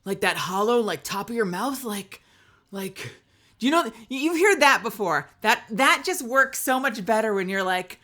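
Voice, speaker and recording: A woman's voice: fairly high pitch, expressive, moderate pace, pushed and bright. A woman voice actor chatting casually on a live stream, rambling with lots of fillers. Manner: rambling, many fillers, laughs often.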